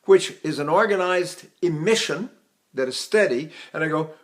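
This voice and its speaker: Older man teaching voice, high-pitched. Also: lively intonation. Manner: explanatory, halting restarts, demonstrating by singing. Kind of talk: vocal technique lesson with sung demonstrations.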